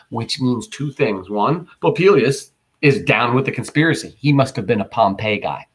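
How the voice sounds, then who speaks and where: A man's voice: mid-range voice, expressive, normal speed, breathy edge. A male teacher giving a casual recorded lesson, reading lines from a play aloud and explaining them in slangy everyday paraphrase.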